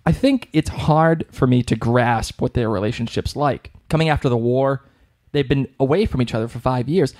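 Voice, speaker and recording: A young man with a Boston accent chats loosely as a podcast co-host, circling back and restarting his sentences. His voice sits at an ordinary, middle pitch. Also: moderate pace, darkish tone. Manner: chatty, rambling, with frequent restarts. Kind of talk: casual chat.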